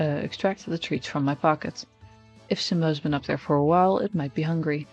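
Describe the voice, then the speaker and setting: A man streaming, reading a text game aloud in first person with casual, wry asides. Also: a little high. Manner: casual, wry asides between narrated lines.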